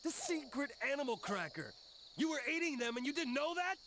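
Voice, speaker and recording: Kanji Tatsumi, a hot-headed teen delinquent. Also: male voice, very high-pitched, sing-song, a little hiss or hum, heavily acted. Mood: outraged. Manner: gruff, cursing, quick to anger. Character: brash hot-headed teenage delinquent boy. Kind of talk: video game voice acting. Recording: game dialogue over loud music. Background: game music.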